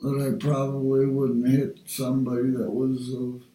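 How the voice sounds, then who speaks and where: A man's voice: mid-range voice, completely flat delivery, normal speed, warm tone. An older man from Canada, talking in a rambling, profane monologue for a personal video. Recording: roomy sound, distant from the mic.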